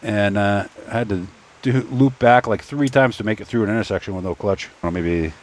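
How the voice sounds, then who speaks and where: Man, lowish voice, rambling workbench chat, stop-start, mutters to himself while assembling parts. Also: moderate pace. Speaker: 3D printing YouTuber. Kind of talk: casual workbench storytelling. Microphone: phone.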